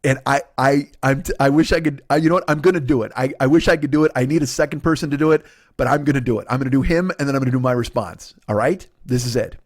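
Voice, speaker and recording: A man's voice: mid-range voice, fast talker. A man in his forties, a comedian telling a long exasperated story, ranting and swearing freely. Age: 40s. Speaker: comedian, podcast host.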